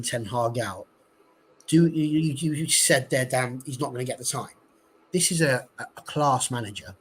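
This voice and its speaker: A man's voice: medium pitch, a little hiss or hum, poor audio. A man hosting a casual fan chat, musing aloud and posing rhetorical questions to his co-hosts.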